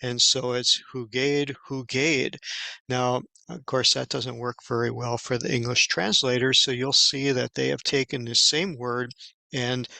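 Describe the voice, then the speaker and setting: A man giving an informal Bible study lesson, talking in a casual, halting way with many fillers and restarts. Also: medium pitch, little pitch movement, creaky, bright, forceful tone, dry recording, poor audio. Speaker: Bible teacher.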